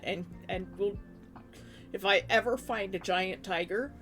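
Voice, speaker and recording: A young woman from Canada, chatting casually with her stream chat in a rambling way, full of restarts. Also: mid-range voice.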